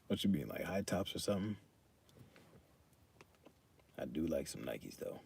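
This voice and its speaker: Brief: young man, husky and low, relaxed live-stream banter. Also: a little fast. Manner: loose and joking, reads chat aloud, swears casually. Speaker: fitness streamer. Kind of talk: casual live-stream chat.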